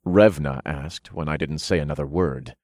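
Deep male narrator, steady storytelling, dry studio read. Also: normal speed, no echo. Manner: low steady storytelling, voices characters. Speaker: audiobook narrator. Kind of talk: first-person fiction narration.

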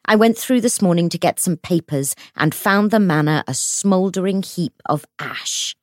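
A woman's voice: moderate pace, a little mellow, no echo, clean studio sound, close to an everyday voice. A woman voicing an enraged older noblewoman who hurls accusations at her brother. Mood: furious. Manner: shrill, furious.

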